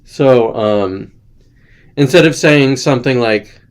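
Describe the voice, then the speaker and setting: A man's voice: medium pitch, unhurried. A young adult man hosting a casual chat show, rambling and irreverent, joking loosely, sounding tired. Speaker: host.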